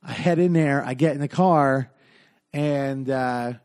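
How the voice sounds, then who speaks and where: A man's voice: mid-range voice, measured pace, darkish tone, smooth. A man telling a long story in casual podcast chat, rambling with many fillers and acting out what people said.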